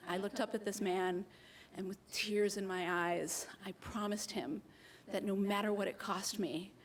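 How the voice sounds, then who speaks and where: American woman telling a true story live, lively and self-mocking, does little voices for people. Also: mid-range voice, a little slow, a little hiss or hum. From United States.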